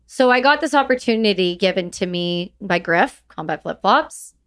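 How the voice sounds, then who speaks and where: A woman's voice: medium pitch, animated, moderate pace, fairly bright tone. A woman in her thirties, a veteran guest on a podcast, telling her story candidly in casual interview talk and acting out quoted dialogue. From Canada.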